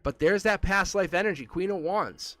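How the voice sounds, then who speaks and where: A man's voice: high-pitched, normal speed, fairly bright tone, no echo. A man giving a live-streamed tarot reading, talking straight to the viewer in a chatty way and chuckling often. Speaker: tarot reader.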